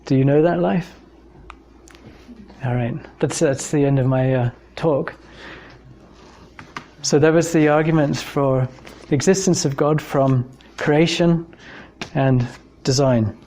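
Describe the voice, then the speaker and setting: Slow and mellow, with a voice that sits a little high, an Englishman delivers an informal talk on evidence for God. He tells personal stories thoughtfully and conversationally, peppering them with frequent fillers.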